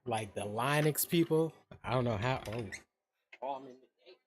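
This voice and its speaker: In casual gaming stream chat, a man with a mid-range voice talks to viewers at a moderate pace. He rambles, swears occasionally, and hums small scat noises.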